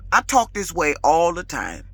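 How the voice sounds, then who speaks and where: A lease-purchase woman trucker talks straight to camera in a casual vlog rant. Her voice is bright and forceful, emphatic and quick to get heated. The sound is dry, with no room around it. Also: fairly low pitch, huge pitch swings, dry recording. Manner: emphatic, authoritative, gets loud and heated; colloquial, repeats words when fired up.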